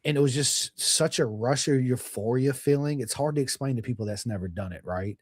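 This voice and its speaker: A man telling stories in a casual podcast chat, swearing freely and talking with animated energy. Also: medium pitch, a little fast, no echo. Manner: profane, animated storytelling.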